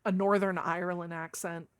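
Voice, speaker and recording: A woman's voice: fairly low pitch, a little slow, fairly bright tone, dry recording. An American woman streamer in casual chat with her viewers, on a streaming microphone. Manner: casual, chatty, talking to chat.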